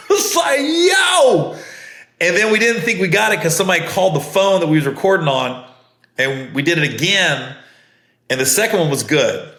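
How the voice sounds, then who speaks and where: A man's voice: fairly high pitch, brisk, bright, forceful tone. A middle-aged man hosting a podcast, telling stories in a casual, earnest way that often repeats itself. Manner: conversational, repeats himself, earnest. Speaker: podcast host. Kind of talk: casual storytelling monologue. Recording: roomy echo.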